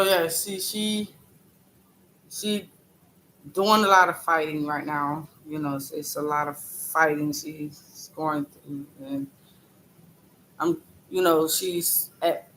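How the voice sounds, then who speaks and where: Slow-talking bright-voiced man. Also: a little high, a little hiss or hum, low-quality recording. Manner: halting, repeats phrases; greets viewers by name mid-story. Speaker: livestreamer. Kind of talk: casual live-stream talk.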